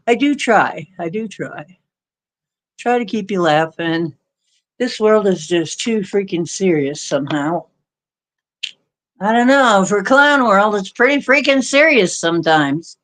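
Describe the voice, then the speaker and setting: A woman's voice: fairly low pitch, lively intonation, slow pace, pauses often. A woman hosting a casual livestream of readings, joking playfully and giggling to herself as she greets viewers. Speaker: livestream host giving readings.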